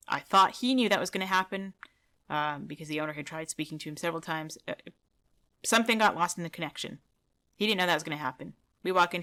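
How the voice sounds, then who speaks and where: A woman's voice: low-pitched, sharp tone. A woman dog trainer giving blunt, indignant commentary on a training video and telling a story from her own work in a casual, opinionated way.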